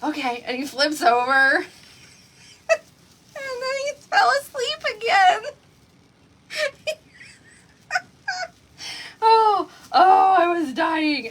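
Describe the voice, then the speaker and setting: A woman with a high, bright voice hosts a craft livestream, chatting straight to her viewers. She tells stories in a lively, talkative way and laughs easily as she goes. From Oklahoma, USA. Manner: chatty storyteller, laughing often, addressing viewers directly. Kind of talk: casual chat on a livestream.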